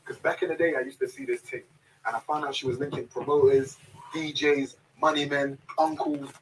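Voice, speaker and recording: A man, talking fast and animated in a heated group discussion, often repeating himself. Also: fairly high pitch, distant mic, slight background noise, poor audio. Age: 20s.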